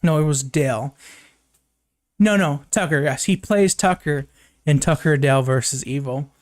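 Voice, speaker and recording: A man's voice: fairly high pitch, moderate pace, no room sound. A young man giving a casual live movie review, recapping the plot in a rambling way with lots of fillers and swearing.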